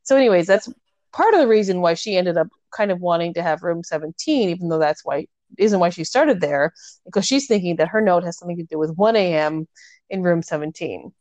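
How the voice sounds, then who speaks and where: A woman's voice: fairly low pitch, lively intonation, fairly quick, darkish tone, dry recording. A woman in casual chat, animatedly retelling a novel's plot and acting out the characters' lines with filler words. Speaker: podcast co-host discussing a novel.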